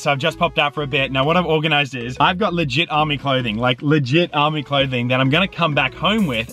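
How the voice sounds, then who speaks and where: A young man chatting excitedly in a casual vlog, rambling with lots of fillers, in a bedroom at home. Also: fairly high pitch. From Australia. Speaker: prank vlogger. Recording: echoey room, faint noise.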